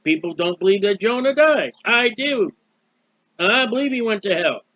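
A man's voice: high-pitched, animated, normal speed, a bit bright, no room sound. A man preaching a Bible teaching sermon in a folksy, emphatic way, asking questions and answering them himself.

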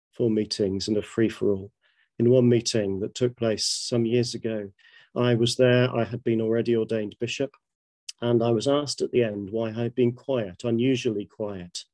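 A British man in his fifties, a bishop giving a measured, reflective webinar talk with personal anecdotes. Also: mid-range voice, dark tone, no echo. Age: 50s.

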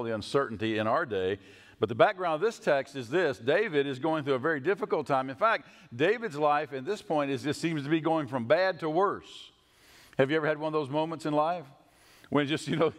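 A male pastor delivers an animated sermon, his voice pitched somewhat high. He swings up for emphasis and sinks low and slow on key words. The sound carries a long church reverb. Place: church sanctuary.

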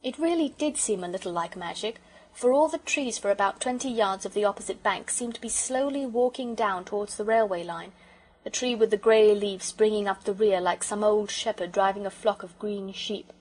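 A woman narrating a children's audiobook in a gentle, measured storytelling manner. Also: mid-range voice, breathy edge, low-quality recording.

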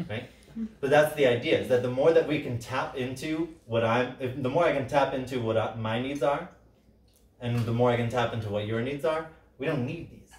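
A man leading a workshop, talking casually and acting out the quoted lines with a lot of energy. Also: medium pitch. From Sicilian background. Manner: animated, acts out quoted lines loudly, frequent "right?". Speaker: workshop facilitator. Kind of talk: workshop talk. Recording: roomy, from a distance.

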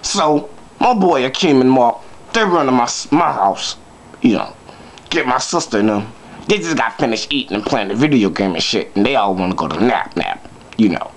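A man's voice: medium pitch, animated, moderate pace, a little hiss or hum. A man telling a comic story to his viewers, brash and profane, full of joking asides. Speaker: vlogger.

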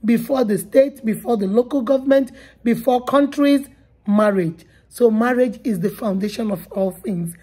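A woman's voice: a little high, moderate pace, mellow, husky. A woman hosting a channel, speaking earnestly and directly to her viewers after a sermon clip. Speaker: channel host. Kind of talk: casual commentary to viewers.

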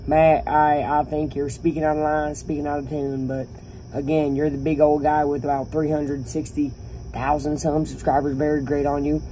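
Casting: a man, opinionated sports vlogger, mellow tone, faint hiss in the background. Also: on the high side, moderate pace. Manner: animated, opinionated, talks to viewers. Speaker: YouTuber. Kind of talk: casual sports rant to camera.

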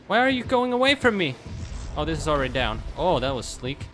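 A man at middle pitch whose voice jumps up and down as he panics through a co-op game, cursing freely and laughing at his own mistakes. Loud music plays behind him. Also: very animated, brisk. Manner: swears a lot, panicky outbursts, laughing. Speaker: gaming partner. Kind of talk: casual co-op gaming chat.

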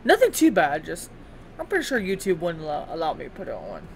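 A young gaming YouTuber gives live gameplay commentary over faint music, excitable and taunting, often bursting into yells at other players. His voice is a little high and creaky, and he talks fast.

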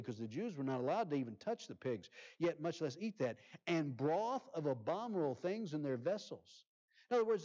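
Fervent pastor, lo-fi sermon audio. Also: male voice, on the high side. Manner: swings from loud emphasis to near-whispers, reads scripture aloud.

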